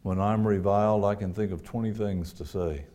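A man's voice: on the low side, steady tone, moderate pace, warm tone. A man preaching a sermon, earnest, quoting scripture and asking his listeners rhetorical questions.

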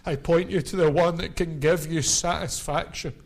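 A middle-aged man delivers an evangelistic sermon with fervent, repeating phrases. His voice sits a little higher than most men's, and he stacks line upon line in a driving preacher's rhythm. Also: steady tone, normal speed. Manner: impassioned, repetitive preaching cadence.

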